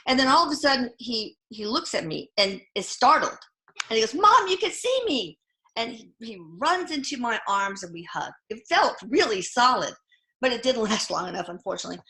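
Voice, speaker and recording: A woman guest telling personal stories in a casual, animated way, often lifting her voice when quoting others. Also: fairly high pitch, brisk, reverberant. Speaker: guest, physician and mother. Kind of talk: conversational storytelling.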